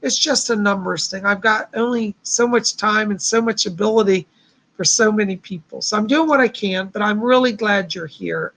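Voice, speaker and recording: A man's voice: high voice, normal speed, gravelly, a bit bright. A man hosting a live stream of psychic readings, talking in a chatty, reassuring way with a somewhat strained voice. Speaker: psychic host.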